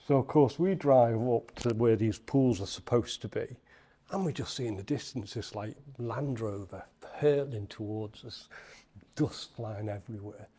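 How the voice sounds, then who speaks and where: A man from Liverpool with a Liverpool accent, a podcast guest telling a lively anecdote in casual chat, acting out the people he quotes. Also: medium pitch, normal speed, husky. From Liverpool, England. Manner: animated anecdote-telling with acted quotes and laughs. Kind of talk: storytelling in casual interview.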